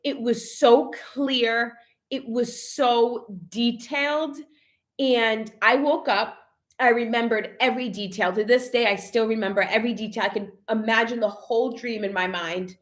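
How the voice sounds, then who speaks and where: A woman's voice: a little high, fairly even intonation, measured pace. A young adult woman vlogging in casual live chat, emotional and full of "like" fillers as she reads viewer comments. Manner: chatty and emotional, many "like" fillers.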